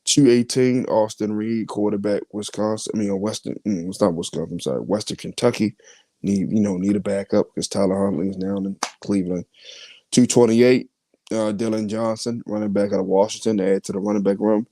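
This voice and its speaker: A man with a low, mellow voice hosts a podcast and runs through his draft picks one by one. He talks casually and haltingly, with plenty of "uh" and "um" and the odd cough. The sound is dry and close. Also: steady tone, dry recording. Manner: halting, many fillers and coughs. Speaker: podcast host. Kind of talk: casual chat reading mock draft picks.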